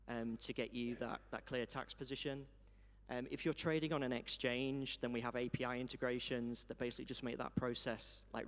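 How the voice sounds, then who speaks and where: A man on a conference panel, explaining how his software works in a matter-of-fact way. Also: mid-range voice. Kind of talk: panel discussion. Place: conference hall. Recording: long hall reverb.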